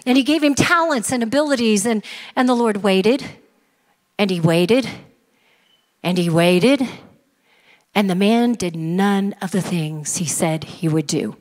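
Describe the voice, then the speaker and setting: A woman's voice: mid-range voice, measured pace, pauses often. A middle-aged woman pastor preaching a sermon in an earnest, emphatic manner in a church. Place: church sanctuary. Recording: reverberant church hall.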